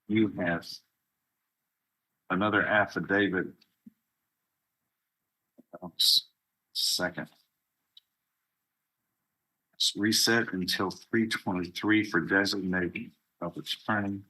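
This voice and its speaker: A man's voice: low-pitched, steady tone, takes it slowly, pauses often, bright, forceful tone, husky, poor audio. A man with a Texan accent presiding as a judge over a court hearing, stern and lecturing.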